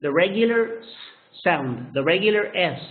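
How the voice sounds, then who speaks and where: A man's voice: high-pitched, lively intonation, normal speed. A man whose first language is Spanish, teaching English pronunciation and repeating each sound again and again. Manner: drills single sounds, repeating each one several times. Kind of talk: pronunciation lesson. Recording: tinny phone-like sound in an echoey room.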